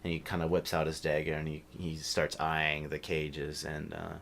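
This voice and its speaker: Deep-voiced man as game master. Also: monotone, normal speed, gravelly, a bit bright, a little hiss or hum. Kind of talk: narrating a tabletop game.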